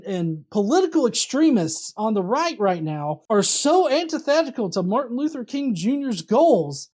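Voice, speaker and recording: A woman's voice: fairly high pitch, dark tone. A woman hosting casual commentary, sarcastic and profane. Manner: sarcastic, profane, swooping delivery. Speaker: host.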